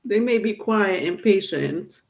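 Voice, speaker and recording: A woman's voice: mid-range voice, animated, measured pace, vocal fry, a little mellow. A woman giving a casual live tarot reading, talking chattily and teasing her viewers, breaking into laughter often. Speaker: tarot reader.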